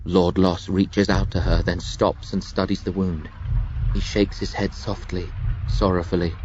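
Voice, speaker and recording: A man narrating an audiobook with a dramatic, expressive reading. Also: sits low, unhurried, highs cut off, a little hiss or hum.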